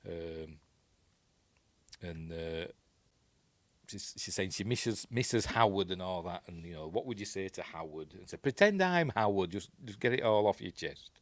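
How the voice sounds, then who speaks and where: A man's voice: sits low, lively intonation, a little slow, no room sound. A man with a Yorkshire accent giving a casual, rambling film breakdown, full of fillers and restarts. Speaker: film reviewer.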